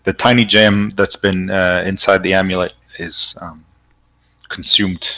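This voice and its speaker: A man narrating a tabletop game as game master, halting and stumbling through his descriptions. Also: low voice, level tone, bright, forceful tone. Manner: halting, full of fillers and restarts.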